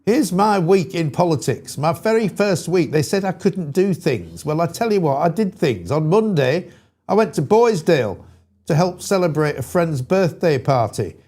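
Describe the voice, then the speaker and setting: A swaggering, self-satisfied politician rattles off his achievements with defiant pride, as a man puts him on in a jokey impression. His voice sits a little high for a man. Every claim lands as a small victory lap. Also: big pitch swings, normal speed, darkish tone. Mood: boastful. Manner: defiant, boastful, repeats "they said I couldn't". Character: mock-triumphant male politician boasting of his week.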